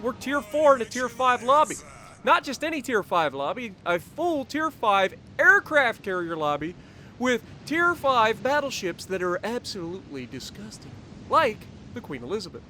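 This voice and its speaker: A man's voice: high-pitched, bright, forceful tone, slight background noise. A man hosting a gaming channel, giving chatty, enthusiastic and jokey commentary over his gameplay.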